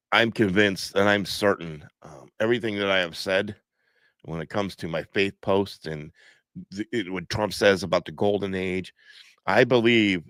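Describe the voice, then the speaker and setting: A man's voice: low voice, fairly bright tone, dry recording. A man hosting a live stream from home, stuffed up, talking in a preachy, repetitive way and reading viewer comments aloud.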